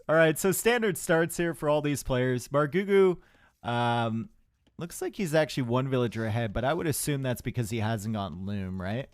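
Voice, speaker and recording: A man's voice: medium pitch, lively intonation, moderate pace, no room sound. Chatty young male game caster, dry sound. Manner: chatty, rambling asides with the chat. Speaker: esports caster. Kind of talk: live game commentary.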